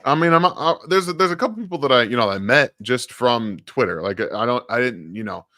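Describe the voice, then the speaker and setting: A man speaking as a guest football analyst in casual chat, giving quick, enthusiastic draft takes. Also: mid-range voice, expressive, sharp tone, dry recording, studio quality.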